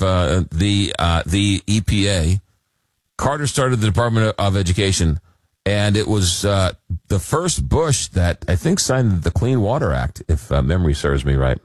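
A man hosting a late-night call-in radio show, reading listener messages aloud and talking haltingly with many fillers. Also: on the low side, no room sound. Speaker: radio talk show host.

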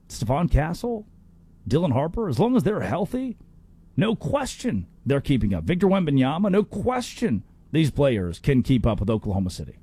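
Male sports talk host, mid-pitched, animated and opinionated, stumbles into restarts. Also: breathy edge. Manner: animated, opinionated, with quick restarts and playful impressions.

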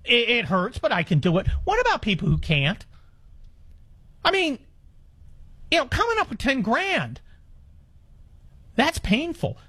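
A man's voice: very high voice, huge pitch swings, measured pace, long pauses, sharp tone, slightly rough. A man in his fifties hosting a call-in talk radio show, ranting in an exasperated way with stammered restarts. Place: studio in the Los Angeles area.

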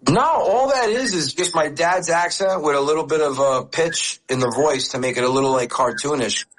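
A man's voice: on the high side, normal speed, fairly bright tone, low-quality recording. A comedian who is a guest in an interview. He tells stories casually, laughs often and repeats words.

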